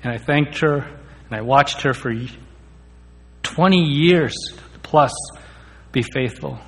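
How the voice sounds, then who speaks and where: A man's voice: medium pitch, slow pace, a bit bright. Man giving testimony in a reverberant hall. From India. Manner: earnest, stammers on key words. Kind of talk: personal testimony.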